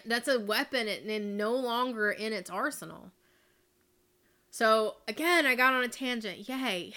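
A woman's voice: on the high side, sharp tone. A woman hosting her own podcast as a life coach, talking off the cuff in a candid, chatty way with casual swearing and tangents. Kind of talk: casual unscripted podcast monologue. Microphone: studio microphone.

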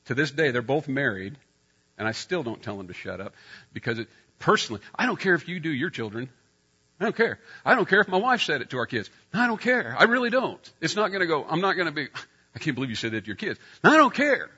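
A middle-aged man preaching in a storytelling way, his voice bright and a touch high. He turns loud when he acts out a scene. The recording sounds dull and lo-fi. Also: big pitch swings, fast talker, slightly rough. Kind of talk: sermon with personal story.

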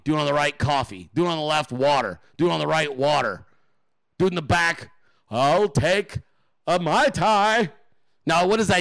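A man with a fairly high, slightly bright voice and some vocal fry hosts a political commentary livestream. He rants with profane sarcasm, firing mocking rhetorical questions at his audience.

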